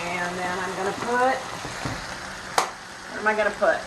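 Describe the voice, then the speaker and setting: A woman's voice: mid-range voice, moderate pace, echoey room, very noisy. A woman chatting casually in a rambling way while cooking at home for her vlog. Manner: chatty, rambling, laughs often. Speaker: vlogger. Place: home kitchen.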